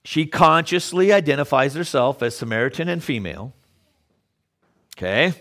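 A man's voice: a little high, lively intonation, normal speed, a bit bright. Guy giving a chatty sermon, keeps asking okay?, stumbles and repeats words. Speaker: preacher. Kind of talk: conversational sermon.

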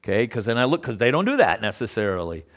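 A man's voice: on the low side, very animated, fast talker, fairly bright tone. Preacher, male, easygoing sermon talk, frequent restarts and check-ins. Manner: repeats words, often checks in with "Okay?". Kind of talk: conversational sermon.

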